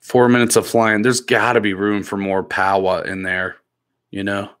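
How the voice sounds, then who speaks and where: A man with a somewhat low voice hosts a casual live stream, chatting easily and joking around. He reads viewer comments aloud and teases the people in the chat. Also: flat delivery, normal speed, a bit bright. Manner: joking, laid-back, teasing viewers.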